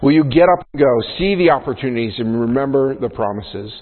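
A male pastor delivers an earnest sermon, turning again and again to his congregation with questions. His voice sits at an ordinary pitch. The sound is thin and phone-like, trailing off in a long church-hall reverb. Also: animated, fairly quick.

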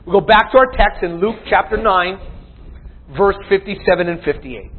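A man's voice: sits high, expressive, fairly quick. A man preaching a sermon as pastor, teaching with emphatic questions to his congregation. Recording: tinny phone-like sound.

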